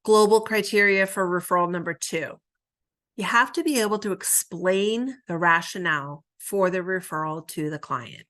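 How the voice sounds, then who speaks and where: A woman's voice: lowish voice, moderate pace, fairly bright tone. A woman teaching a counselor training in a conversational way, often checking in with "right?" and acting out sample lines a counselor and a client might say. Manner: conversational, tags statements with "right?". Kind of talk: recorded training lecture.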